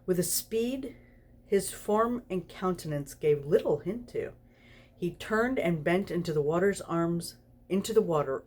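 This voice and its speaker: Tipsy woman with a low husky voice. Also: a little mellow. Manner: giggly, snorty laughs while reading. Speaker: storyteller. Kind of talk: reading fan fiction aloud.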